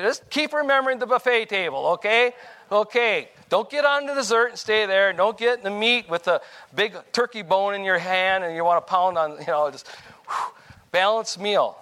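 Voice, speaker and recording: A man's voice: high voice, normal speed, bright, forceful tone. An older man giving a rambling, informal testimony sermon, correcting himself as he goes and chuckling between points. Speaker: preacher.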